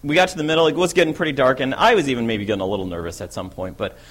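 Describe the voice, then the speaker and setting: A man's voice: mid-range voice, very fast, a bit bright, natural voice. A man playing a bold, eager fisherman apostle. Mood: wondering. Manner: conversational storytelling, often asks "right?". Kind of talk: first-person dramatic monologue.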